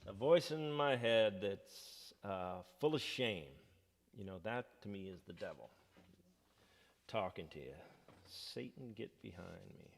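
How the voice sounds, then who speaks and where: A man's voice: lowish voice, expressive, unhurried, long reverb tail. A man from the United States hosting a music livestream, telling rambling stories between songs with many fillers. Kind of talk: casual chat between songs.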